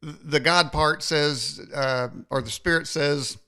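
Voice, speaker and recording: A man's voice: a little high, fairly even intonation, measured pace, sharp tone, clear, resonant tone. A man hosting a faith-based interview show, talking in a rambling, preacher-like way. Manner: rambling, preacher-like, many restarts. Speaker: host. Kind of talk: conversational interview.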